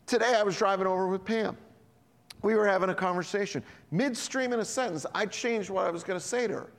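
A man's voice: high voice, fairly quick. A man preaching a sermon as pastor, telling stories and acting out the voices of people in them. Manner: animated storytelling, acting out voices in quotes. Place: church hall. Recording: long hall reverb.

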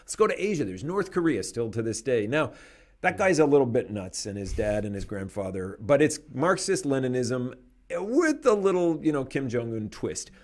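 A man hosting a podcast, speaking in an animated, emphatic way and laughing between points. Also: medium pitch, normal speed. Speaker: podcast host. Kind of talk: conversational commentary.

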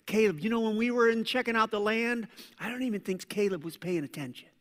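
A man voicing a gossiping Israelite in a whispered role-play, hushed and conspiratorial as he spreads a bad report. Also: sits high, fast talker, long reverb tail.

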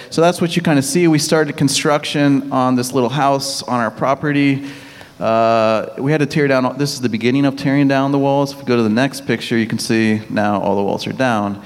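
A missionary pastor from Texas, speaking with a Texan accent and reporting on his church work in a halting way, with many restarts and easy laughs. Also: medium pitch. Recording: long hall reverb.

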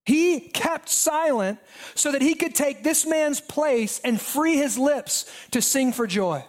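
A pastor preaching a sermon with emphatic, repetitive, building cadences. The voice swings between raised intensity and hushed, near-whispered passages. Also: high voice, lively intonation, takes it slowly.

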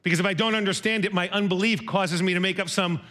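A middle-aged man with a high, light voice gives a sermon as a personal story. He talks conversationally and pokes fun at himself. He slips into the voices of the people he quotes. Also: fast. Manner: conversational, self-deprecating, animated retelling with quoted dialogue. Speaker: preacher.

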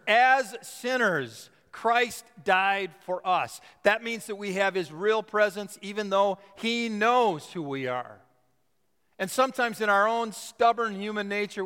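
The pastor's voice sits high and sounds bright, forceful, clear, and resonant as he delivers an emphatic sermon in a church sanctuary. He lingers on key words to stress them, and long church reverb surrounds the recording.

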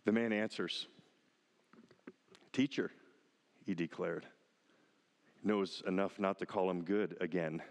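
A man's voice: fairly low pitch, animated, moderate pace, long pauses, in a large hall. A man preaching a sermon, acting out quoted lines with rising emphasis and asking the congregation questions. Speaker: pastor.

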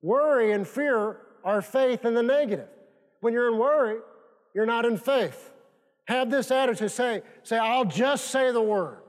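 A man's voice: very high voice, moderate pace. A male pastor preaching a sermon, repeating phrases emphatically and prompting the congregation to answer back. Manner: repetitive, emphatic preaching with call-and-response prompts. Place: church sanctuary. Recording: long reverb of a church hall.

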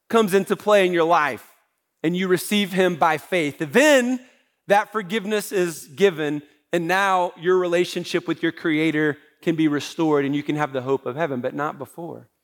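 A man preaching a sermon as pastor, talking in a conversational way with self-deprecating humor. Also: high-pitched.

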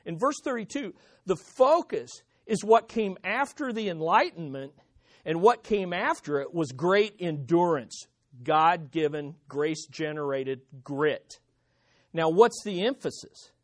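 A pastor preaching an expository sermon, stressing points by swinging between loud and hushed delivery and asking the listeners rhetorical questions. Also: medium pitch, animated, a little slow.

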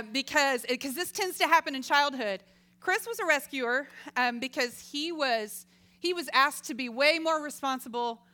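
A middle-aged woman giving a casual Christian teaching talk, telling stories lively and acting out voices. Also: a little high. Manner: lively storytelling, acts out quoted voices, laughs often. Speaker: Christian speaker.

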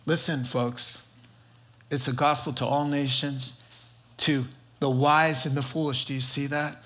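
Emphatic bright-voiced male preacher. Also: mid-range voice, level tone, unhurried. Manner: emphatic, storytelling, repetitive rhetorical lists. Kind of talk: sermon.

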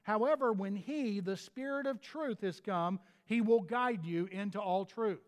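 A man's voice: high-pitched, unhurried, big-room sound. A pastor delivering a sermon in an earnest manner, often restarting his phrases.

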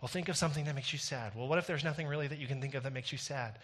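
Bright-voiced man preaching a sermon. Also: medium pitch, racing. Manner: builds from wry joking asides to intense emphatic preaching. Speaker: pastor. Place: recorded without a congregation.

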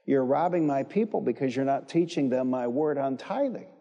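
The Lord, stern and rebuking, as a preacher quotes him. The voice is dark and mellow, spoken slowly and deliberately. A long hall reverb hangs on the words. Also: male voice, mid-range voice, lively intonation, muffled recording. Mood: stern rebuke.

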